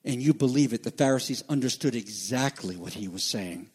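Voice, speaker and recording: A man preaching a sermon, with dramatic swings from loud declarations to hushed, quiet lines. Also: medium pitch, animated, brisk, slightly rough. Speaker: pastor. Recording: echoey hall reverb.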